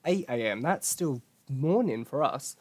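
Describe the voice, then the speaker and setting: A man in his twenties with an Essex accent chats loosely as a podcast host, joking and swearing as he tells stories. His voice sits in a middle pitch, and the sound is dry with no room echo. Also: animated, a little slow, a little mellow. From England. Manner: chatty, swearing, jokey storytelling. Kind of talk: casual chat.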